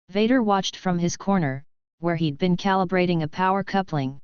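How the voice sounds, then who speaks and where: A woman reading a fan story as narrator in a measured, even way. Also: lowish voice, smooth, dry recording. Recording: dull lo-fi dry.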